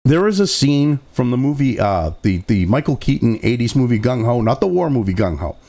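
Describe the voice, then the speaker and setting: Gravelly, animated ranting man. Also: mid-range voice, a little fast. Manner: angry, profanity-laden, sarcastic. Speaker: political commentary host. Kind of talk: profane political rant.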